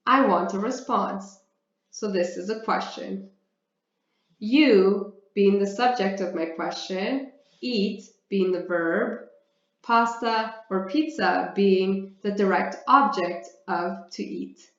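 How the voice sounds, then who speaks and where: A woman's voice: mid-range voice, slow. A woman from Canada teaching an English grammar lesson, explaining step by step and often asking and answering her own questions. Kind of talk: slow, careful grammar lesson. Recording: roomy, slightly dull sound.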